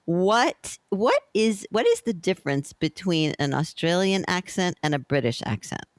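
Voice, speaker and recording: A woman's voice: lowish voice, sing-song, a little slow, no echo. A woman hosting a podcast, chatting loosely with a guest and rephrasing as she goes. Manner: chatty, free-associating, loose phrasing with restarts. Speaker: podcast host. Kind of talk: casual podcast interview. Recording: dry close sound.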